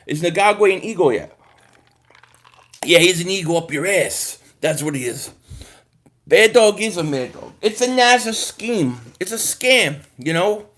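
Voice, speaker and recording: A man with a high, bright voice runs a casual sports livestream. He talks straight to his viewers, animated and freely swearing as he reads the chat. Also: measured pace. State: groggy from a nap. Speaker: livestream host reading chat.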